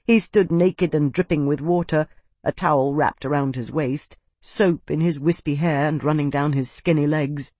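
A man's voice: on the high side, normal speed, no room sound. Man narrating a dramatic fantasy audiobook. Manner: steady, dramatic storytelling.

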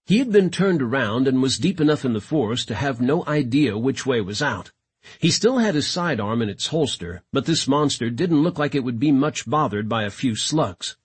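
Husky male audiobook narrator. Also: mid-range voice, moderate pace. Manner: dramatic, expressive reading. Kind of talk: scripted science fiction narration.

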